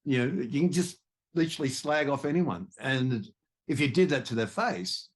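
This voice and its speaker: A man's voice: medium pitch, lively intonation, normal speed. An older man, telling stories in a rambling, casual podcast chat. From Australia. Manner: rambling, storytelling, many restarts. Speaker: guest musician.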